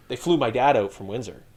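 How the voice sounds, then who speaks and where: A man in his thirties tells army stories as a podcast guest. He talks casually and swears often. His delivery is animated, and he breaks into laughter along the way. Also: mid-range voice, normal speed, crowd noise. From Canada. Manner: profane, laughing, animated storyteller. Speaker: podcast guest, retired infantry soldier. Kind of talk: casual storytelling chat.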